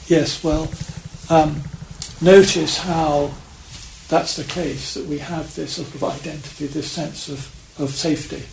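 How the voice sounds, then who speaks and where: A Zen priest gives a Dharma talk in a slightly high, gravelly voice, feeling his way through each thought with restarts and trailing fillers. He is recorded in an echoey priory hall, and a faint hiss sits under his words. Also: steady tone, darkish tone. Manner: halting, many restarts and fillers, reflective.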